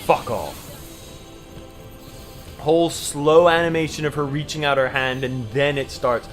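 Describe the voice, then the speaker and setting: A man streaming a video game, commenting casually and yelling and swearing at it when things go wrong. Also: on the high side, moderate pace, soft background music. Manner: excitable, swears, yells at the game. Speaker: gamer streamer.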